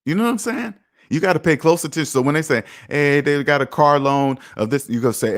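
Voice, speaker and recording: A man with a somewhat high voice talks fairly fast while hosting a finance stream on a streaming mic. He reacts to viewer comments casually, sounding confident and emphatic, with loudness that jumps around a lot.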